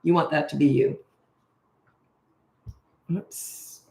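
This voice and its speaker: A woman's voice: sits low, lively intonation, takes it slowly, vocal fry, mellow. A woman in her sixties, a parenting coach, answering viewer questions in a blunt, emphatic and opinionated way. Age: 60s. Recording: echoey room.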